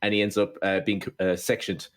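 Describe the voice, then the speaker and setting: A man's voice: low-pitched, level tone, brisk. A man, co-hosting a podcast, ranting and swearing in casual film chat. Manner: profane, ranting. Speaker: podcast co-host.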